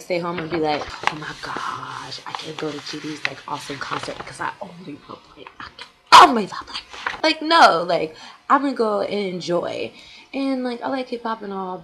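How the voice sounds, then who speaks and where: A young woman vlogging casually to camera as a fan blogger, chatty and full of fillers, with quick laughs. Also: lowish voice.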